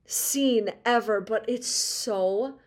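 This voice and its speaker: High-voiced bubbly young woman podcaster. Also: drawn-out words. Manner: bubbly, gushing, laughs often, many "like" fillers. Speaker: podcast co-host. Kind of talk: casual chat.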